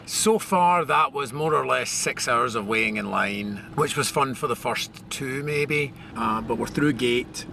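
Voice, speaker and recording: A man's voice: mid-range voice, unhurried, gravelly. A man vlogging outdoors with a handheld camera, chatty and jokey, giggling at his own remarks. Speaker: vlogger filming at a festival. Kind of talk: playful handheld vlog narration. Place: outdoors in the desert. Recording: outdoor noise behind.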